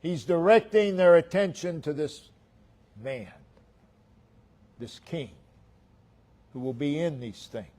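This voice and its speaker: A man preaching a sermon, repeating phrases in a rhythmic cadence, his voice swelling for emphasis and then dropping almost to a hush. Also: on the high side, animated, slow pace, pauses often. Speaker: pastor.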